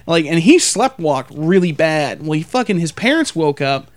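High-voiced young man, crude banter. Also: sing-song, moderate pace, no room sound. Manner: profane, laughing, loud shouted impressions. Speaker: podcast co-host.

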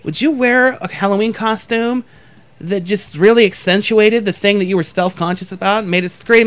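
Acting out others' words in exaggerated voices, a podcast host rambles through crude, profane comedic stories. His high voice is a bit bright and clean, at normal speed with no echo.

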